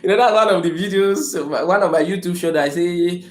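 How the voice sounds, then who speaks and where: A man's voice: high voice, a little fast, hardly any pauses, reverberant. A man hosting a motivational livestream, emphatic and repetitive, talking in a room. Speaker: livestream host. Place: room indoors.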